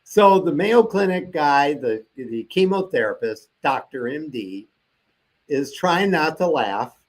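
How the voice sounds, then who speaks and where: An older man with a slightly high voice tells a story as an interview guest. He talks casually and animatedly, and he acts out the dialogue he quotes. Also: animated, slow pace.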